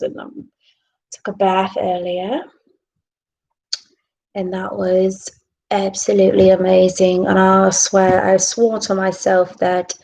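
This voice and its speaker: A woman vlogger in a relaxed self-care chat, talking softly and drawing out her words, often dropping into a whisper. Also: mid-range voice, creaky, breathy edge, rough recording. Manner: slow, drawn-out, soft, drifting into whispers.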